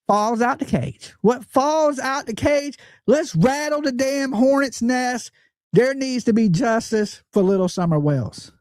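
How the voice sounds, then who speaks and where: A woman's voice: fairly high pitch, a little mellow, dry recording, clean studio sound. Blunt woman true crime host. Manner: blunt and emphatic, swears, fires rhetorical questions at viewers.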